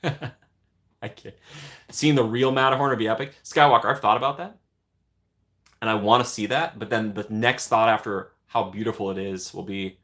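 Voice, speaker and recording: A man's voice: fairly low pitch, steady tone, moderate pace, a bit bright. A man hosting a casual livestream, chatting and answering viewer comments. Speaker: livestream host.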